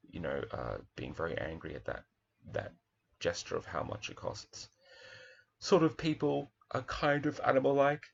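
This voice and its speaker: Gravelly deep-voiced man teaching a book. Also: muffled recording. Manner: reflective, talks with many fillers and restarts. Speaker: primary teacher analysing a picture book. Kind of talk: teaching commentary on a children's book.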